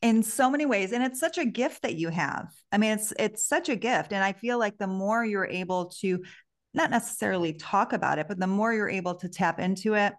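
A woman hosting a podcast interview, speaking in a reflective, encouraging way as she responds and asks questions. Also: on the low side. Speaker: podcast host. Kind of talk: casual interview conversation.

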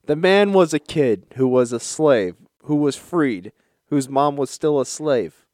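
Animated, slangy man on a podcast. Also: a little high, a little slow, no echo, studio quality. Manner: animated retelling, slangy, laughs often. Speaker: podcast host. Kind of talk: casual chat.

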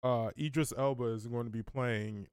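A man's voice: medium pitch, steady tone, moderate pace, smooth, no echo, clean studio sound. A man co-hosting a podcast in casual chat, enthusiastic and swearing freely. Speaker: podcast co-host.

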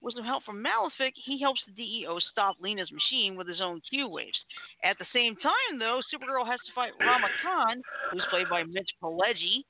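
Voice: mid-range voice, lively intonation, normal speed, slight background noise. A host of an uncensored internet radio show, chatting casually and playfully and laughing often. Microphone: phone line. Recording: tinny phone-line audio.

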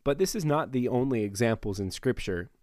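A man of middle pitch co-hosts a casual faith podcast. He talks in a relaxed, jokey way, sometimes putting on goofy voices. His voice is dry and close to the mic. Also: a little fast, no echo. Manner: jokey, goes into goofy high voices when paraphrasing. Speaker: podcast co-host.

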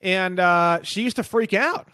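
A man's voice: sits high, a little slow, smooth, no room sound. A man hosting a podcast, telling wild workplace stories in casual, profane chat. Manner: profane, animated storyteller. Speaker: podcast host.

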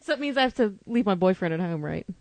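A woman's voice: medium pitch, expressive, quick pace. A woman in casual chat, wry and self-deprecating, acting out little exchanges.

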